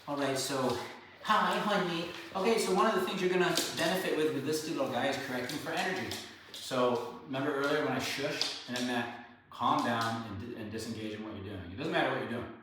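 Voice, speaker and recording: A man working as a dog trainer, calmly explaining training methods during a grooming session and praising the dogs often. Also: medium pitch, brisk. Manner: calm explaining, praises dogs often in sing-song tones. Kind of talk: hands-on training lesson while grooming dogs. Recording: echoey room, distant mic, background noise.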